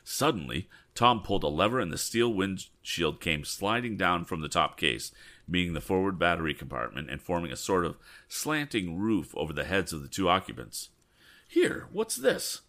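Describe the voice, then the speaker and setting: A man's voice: low voice, animated, normal speed, bright, forceful tone. A man reading an old adventure story aloud, breaking off for chatty asides. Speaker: reader.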